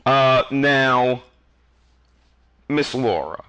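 A man's voice: medium pitch, lively intonation, very slow, fairly bright tone, clean tone, highs cut off. A man with a New York accent hosting a podcast, asking questions eagerly with stumbling restarts. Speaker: podcast host. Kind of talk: casual podcast interview.

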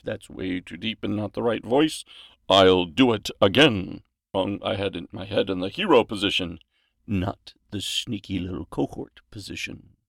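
A man's voice: lowish voice, vocal fry, dry recording, clean studio sound. A man recording voice lines in a home closet, out of breath and rambling in self-mocking asides between takes. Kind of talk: casual outtakes chatter.

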